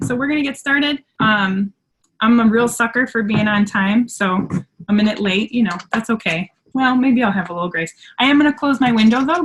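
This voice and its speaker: A woman with an Upper Michigan accent and a slightly high voice hosts a casual live training call. She is chatty and upbeat and laughs often at herself. She talks into her computer at home. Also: a little hiss or hum, poor audio. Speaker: host of a team training call. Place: at home by a window. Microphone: computer on a video call.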